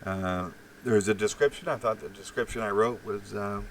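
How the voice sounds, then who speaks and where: A man's voice: lowish voice, fairly even intonation, normal speed, a bit bright, distant mic, a little hiss or hum, poor audio. A man hosting a live stream, rambling profanely with many fillers and restarts while reacting to chat.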